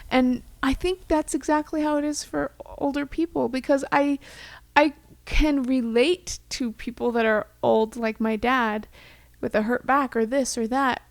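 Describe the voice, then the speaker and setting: A woman's voice: on the high side, fairly even intonation, moderate pace, vocal fry, no echo. A young woman co-hosting a podcast, chatting casually in a rambling way with many fillers and sounding tender and close to tears. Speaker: podcast co-host. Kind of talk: casual chat.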